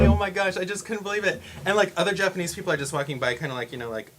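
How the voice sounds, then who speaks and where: A man's voice: fairly high pitch, steady tone, racing, hardly any pauses, noisy background. A young man rambling in a casual vlog from his room, laughing often and acting out what people say. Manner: rambling and chatty, laughs often, acts out quotes. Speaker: vlogger. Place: home room indoors. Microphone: camera facing speaker.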